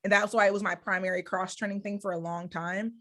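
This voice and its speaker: A woman's voice: medium pitch, level tone, fast, fairly bright tone. A woman hosting a podcast interview, chatting casually with a candid, self-deprecating humor and frequent laughter. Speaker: podcast host.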